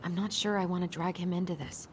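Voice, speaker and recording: Woman playing a wary young woman in a game, real low voice, noisy background. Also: steady tone, fast talker, close to an everyday voice. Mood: reluctant. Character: guarded reluctant young woman. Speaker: game character. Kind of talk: video game voice acting. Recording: game audio with clear background noise.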